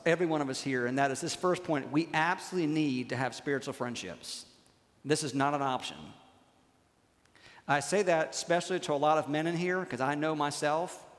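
A man preaching a sermon as a pastor in a church, talking conversationally and checking in with "okay?" and slowing down to hammer key lines. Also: a little high. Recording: long reverb of a church hall.

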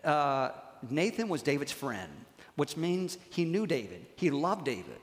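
A man preaching a sermon as a pastor in a church, talking conversationally and checking in with "okay?" and slowing down to hammer key lines. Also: on the high side, sing-song. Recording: long reverb of a church hall.

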